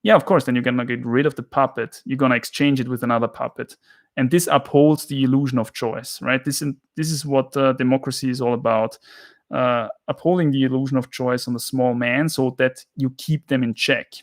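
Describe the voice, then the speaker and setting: A man from Austria with an Austrian accent, chatting casually on a livestream from his flat, emphatic and ranting, often tagging lines with "yeah?". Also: mid-range voice, fairly quick. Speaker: livestream host. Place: home flat.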